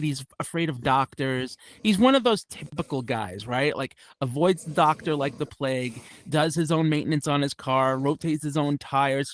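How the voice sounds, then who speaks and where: A man doing a stand-up comedy set at a club, rambling and self-deprecating with many restarts and asides. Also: a little high. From United States.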